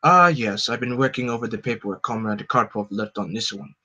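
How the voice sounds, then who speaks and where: A man voicing a cold, calculating older general in a comic book live read, in a measured, lowered plain voice. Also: sharp tone, highs cut off.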